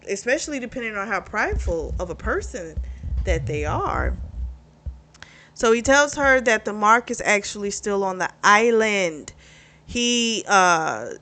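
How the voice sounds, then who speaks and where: A woman's voice: mid-range voice, a bit bright. Chatty woman recapping a book casually. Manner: chatty, conversational retelling with frequent fillers; quotes characters in her own voice, adds blunt personal reactions. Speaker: book reviewer.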